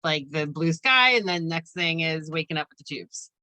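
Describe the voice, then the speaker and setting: A woman's voice: low voice, animated, normal speed, pushed and bright, dry recording. A woman interviewer who asks curious follow-up questions and gives short encouraging replies. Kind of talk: conversational interview.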